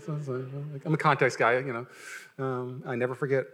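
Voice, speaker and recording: A man's voice: fairly high pitch, steady tone, fast talker, a bit bright. A young adult male pastor preaching a casual, joking sermon, full of fillers and restarts.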